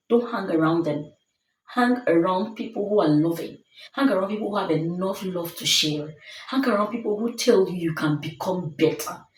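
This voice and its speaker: A woman's voice: medium pitch, a little mellow. A woman giving a motivational self-help talk, earnest and emphatic, hammering her points home with repeated phrases. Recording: roomy sound, distant mic.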